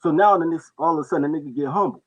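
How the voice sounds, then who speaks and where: A man casually telling stories on a talk show, animated and quick to act out the people in them. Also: rough recording. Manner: animated storyteller, jumps into high-pitched voices for others. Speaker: podcast co-host telling stories. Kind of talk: casual storytelling chat.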